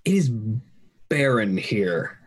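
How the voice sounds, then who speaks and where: A man's voice: mid-range voice, sing-song, slow, crowd noise. A man narrating a tabletop game as game master, casual and loose, with fillers and frequent laughter.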